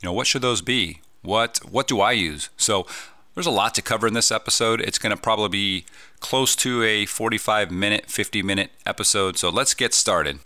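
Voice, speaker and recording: A man's voice: lowish voice, normal speed, sharp tone, no room sound, clean studio sound. A man hosting a podcast, talking casually and upbeat, often asking listeners rhetorical questions. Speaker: podcast host. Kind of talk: casual solo podcast talk.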